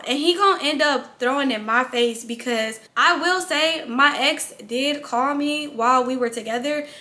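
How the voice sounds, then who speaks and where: A woman vlogger telling a personal story in an animated, blunt way, swearing freely. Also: sits high. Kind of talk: storytime narration.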